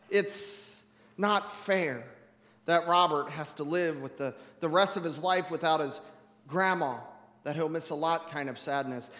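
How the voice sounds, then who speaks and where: Preacher, male, high voice, emotive storytelling, reverberant hall. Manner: emotive, swings from hushed to loud. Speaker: pastor. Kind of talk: storytelling sermon. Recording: echoey hall, mic at a distance.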